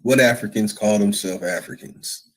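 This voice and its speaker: A man's voice: on the low side, moderate pace, low-quality recording. A man hosting a livestream, talking loosely and reacting as he goes. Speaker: livestream host. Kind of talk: casual livestream talk.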